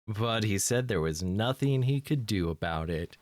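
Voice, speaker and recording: A man's voice: on the low side, lively intonation, takes it slowly, long pauses, darkish tone, no room sound. A man with congested sinuses commenting on a horror game, joking in a dry, sardonic way. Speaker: let's play host.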